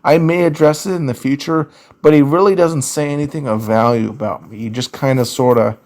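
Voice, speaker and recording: A man with a Southern US accent speaks at a mid pitch in a slow, drawn-out way. He rants casually through viewer questions and leans on fillers as he goes. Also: steady tone, a little mellow. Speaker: YouTuber answering viewer questions. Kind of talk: casual ranting commentary.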